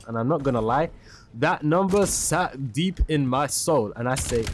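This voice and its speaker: A man's voice: on the high side, expressive, normal speed. Young guy streamer, slangy story while playing, music blasting in the back. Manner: casual, slangy, breaks off to react to the game. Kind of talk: casual storytelling over gameplay. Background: game music and gunfire.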